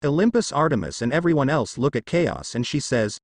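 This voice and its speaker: A man narrating a fanfiction story aloud. His voice is mid-pitched and moves lively up and down. The recording is close and dry. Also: fairly quick, no room sound. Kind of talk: fanfiction reading.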